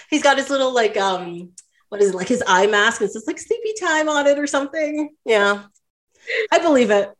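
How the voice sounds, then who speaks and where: A woman's voice: on the high side, animated, normal speed, a bit bright. A woman in casual podcast chat about films, bubbly and giggly, with many "like" fillers.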